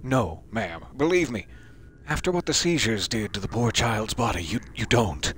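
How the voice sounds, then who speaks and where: A man voicing a sinister male doctor who speaks in a soft, measured, falsely consoling tone. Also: on the low side, lively intonation, slight background noise.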